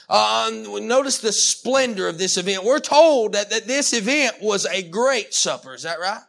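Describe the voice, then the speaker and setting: A man preaching a sermon, animated and emphatic, with frequent restarts and calls of amen. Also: sits high, normal speed, gravelly, hardly any pauses. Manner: animated, with many restarts and Southern-style "y'all".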